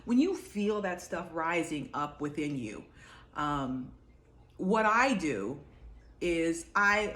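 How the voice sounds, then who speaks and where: A woman's voice: on the low side, fairly bright tone, roomy sound. A woman giving a casual, rambling talk to camera as an energy healer, full of fillers and restarts.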